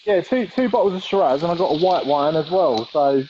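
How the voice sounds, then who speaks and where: A man's voice: a little high, lively intonation, brisk, darkish tone, muffled recording, slight background noise. A man co-hosting a live barbecue show, chatting with enthusiasm as he cooks. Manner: enthusiastic, chatty, says "mate". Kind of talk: casual chat while grilling.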